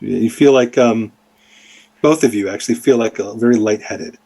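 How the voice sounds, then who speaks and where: A man serves as dungeon master for a tabletop game, describing the scene in loose, rambling sentences. His voice is husky, and he leans on lots of "like" and "uh" as he goes. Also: on the low side, normal speed, mellow. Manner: rambling, many fillers.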